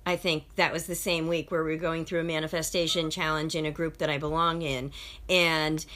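A woman's voice: sits low, a little fast. A woman in casual conversation, telling stories and acting out the people in them. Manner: animated storyteller, acts out quotes.

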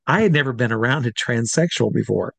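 A man's voice: mid-range voice, animated, a little fast, gravelly, a bit bright, no room sound. Chatty man telling stage stories. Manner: chatty, with many fillers and restarts. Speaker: drag comedy entertainer as interview guest. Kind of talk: casual anecdotal storytelling.

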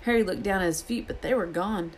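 A woman's voice: on the low side, a little fast, noisy background. A woman reading a children's novel aloud and acting out the characters' lines in her own voice. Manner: reads with lively character voices. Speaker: reader.

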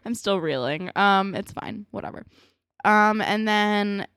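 A young woman co-hosting a casual TV recap chat, animated and acting out characters' lines as she goes. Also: lowish voice, clear, resonant tone, dry recording, studio quality. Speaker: podcast co-host.

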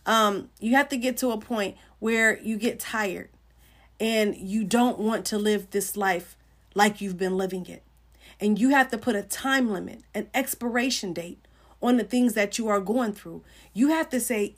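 Speaking at normal speed in a mid-range voice, a middle-aged woman leads an informal sermon over a Christian livestream. She chats earnestly with her audience and greets viewers by name.

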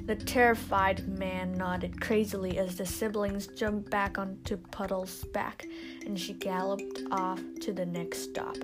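Slow woman reading a children's story. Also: medium pitch, flat delivery. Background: instrumental music.

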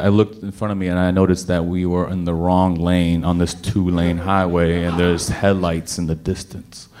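Before a live audience, a low-voiced man tells a personal story in an animated way, stammering through restarts and breaking into sudden bursts of emphasis.

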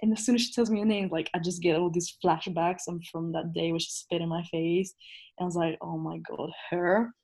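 A woman's voice: fairly low pitch, fairly even intonation, fast, darkish tone. A young woman on a podcast, telling a story in casual chat, acting out quotes and laughing often. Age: young adult. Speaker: podcast host.

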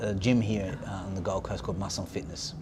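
A man's voice: low voice, fairly even intonation, fast talker, noisy background. A man hosting a casual chat, often agreeing and restarting his sentences. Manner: chatty, frequent agreeing interjections, stammering restarts.

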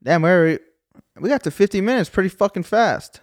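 A man's voice: high voice, lively intonation, moderate pace, no echo, studio quality. A man hosting a podcast in casual chat, brash and joking, swearing freely. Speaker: podcast host.

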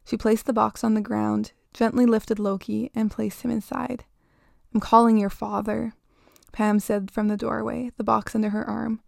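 A woman reading a horror story aloud in a steady, measured way. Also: a little high, gravelly, no room sound, studio quality.

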